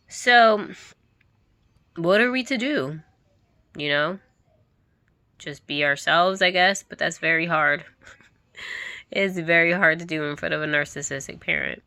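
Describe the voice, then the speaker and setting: A woman vlogger speaks candidly to the camera in a fairly low voice with a bright, pointed edge. She drives her points home by repeating them and laughs now and then. Her voice sounds dry and close. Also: measured pace, long pauses, no room sound.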